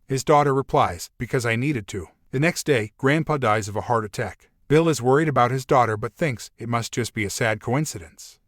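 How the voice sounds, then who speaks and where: A man narrating scripted jokes in an even storytelling delivery. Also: mid-range voice, no room sound, studio quality. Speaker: joke narrator.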